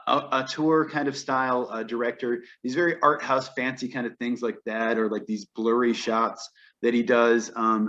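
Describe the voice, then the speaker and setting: A man's voice: mid-range voice, a bit bright, dull audio. A man co-hosting a podcast, giving an opinionated, wryly complaining casual film review. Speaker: podcast co-host.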